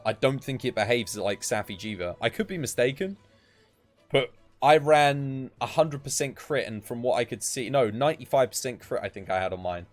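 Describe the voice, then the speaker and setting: A tired man, chatting casually while live-streaming a game and giving gear advice. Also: fairly low pitch. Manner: chatty, laid-back, gives gear advice.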